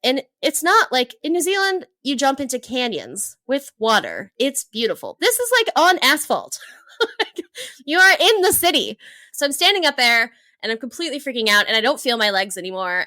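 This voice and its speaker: A woman from Hawaii, in her thirties, telling travel stories in a casual interview, lively and laughing often. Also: a little high, no room sound. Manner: animated, laughs often, acts out her own past thoughts. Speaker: travel entrepreneur guest.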